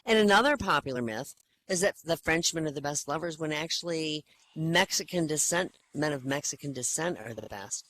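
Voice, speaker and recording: A woman's voice: sits low, lively intonation, moderate pace, a bit bright, a little hiss or hum, low-quality recording. A woman voicing a brazen female lecturer on a plane in a told joke, with a matter-of-fact delivery and an everyday mid-range voice. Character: flirty female lecturer on an airplane.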